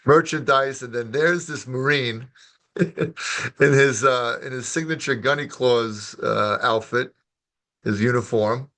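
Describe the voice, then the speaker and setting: A male podcast host asking questions in casual conversation, quick to laugh. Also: medium pitch, fairly bright tone. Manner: laughs easily, brief prompts. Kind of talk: casual interview.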